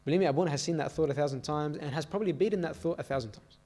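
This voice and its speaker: Youth speaker, male, slightly raised pitch; church sermon told through stories, keeps asking "all right?". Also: rapid-fire, mellow.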